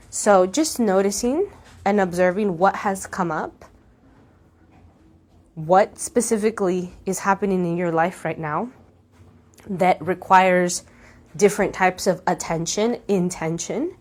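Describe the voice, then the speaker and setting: A woman hosting a podcast, musing slowly and asking the listener reflective questions. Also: fairly low pitch. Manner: slow, musing, asks the listener gentle questions. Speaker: podcast host. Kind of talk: reflective guided monologue.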